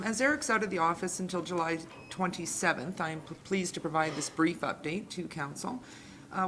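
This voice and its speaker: Woman staffer, low pitch, formal report, faint hum. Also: a bit bright. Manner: formal and measured. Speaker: staff member giving an update.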